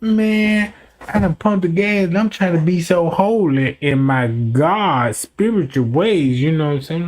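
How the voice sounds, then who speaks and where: A man livestreaming, telling a profane, rambling story to his chat, dropping to low mutters and then shouting. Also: moderate pace. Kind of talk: casual storytelling to a live chat.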